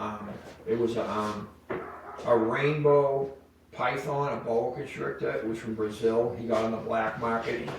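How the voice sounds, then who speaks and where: A middle-aged podcast guest with a medium-pitched voice tells lively stories in casual chat, acting out the voices of the people in them. The audio is echoey, with a distant mic and faint noise.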